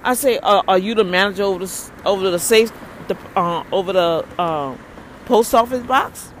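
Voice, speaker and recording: A woman's voice: mid-range voice, moderate pace. Woman vlogger recounting a run-in from her car, emphatic and prayerful, light background hum. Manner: animated, exclaims prayers, repeats herself. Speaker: ministry leader. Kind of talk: storytelling vlog rant.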